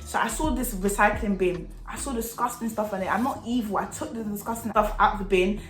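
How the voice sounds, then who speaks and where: A young woman telling a lively storytime in a vlog, full of slang and acted-out scenes. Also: medium pitch, fairly quick, loud music behind the voice. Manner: animated, slangy, acts out the scenes. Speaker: vlogger. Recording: echoey room.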